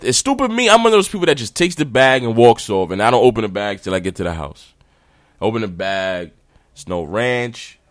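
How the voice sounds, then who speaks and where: A man's voice: mid-range voice, dry recording. Man ranting casually, dry close sound. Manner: animated, ranting, slangy. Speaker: podcast host. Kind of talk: casual podcast rant.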